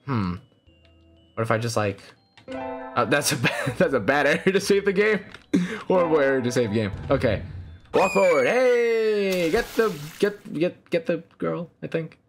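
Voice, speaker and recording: A young man commentating a horror game, excitable and swearing, laughing often, yelping when startled, and chatting to the characters on screen. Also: mid-range voice, normal speed, pauses often, soft background music. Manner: excitable, swears, jumps to loud startled yelps. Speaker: gaming channel host. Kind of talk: let's play commentary.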